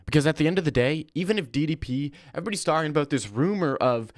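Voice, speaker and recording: A man's voice: fairly high pitch, expressive, fast, no room sound, clean studio sound. A young man hosting a livestream, chatting casually and reading viewer comments, rambling and slangy. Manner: rambling, slangy, says "bro" often. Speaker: livestream host.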